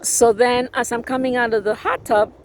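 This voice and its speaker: A sassy woman tells a personal story in a blunt, animated way. Her voice sits fairly high and has a gravelly edge. She is talking in a car, with faint road noise behind her. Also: normal speed. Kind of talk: casual storytelling.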